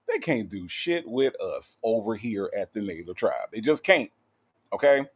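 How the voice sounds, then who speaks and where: A man's voice: fairly low pitch, a little slow, husky. Playful man hosting a livestream chat. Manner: animated, playful, with lots of "okay?" tags and fillers. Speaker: livestream host. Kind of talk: casual livestream chat reading comments.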